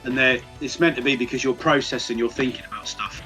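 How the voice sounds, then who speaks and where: A mid-pitched man talks through console trivia, pausing on fillers as he thinks. Faint game music sits behind him. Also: fairly even intonation. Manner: knowledgeable, hesitant with fillers, laughs often. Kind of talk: casual chat.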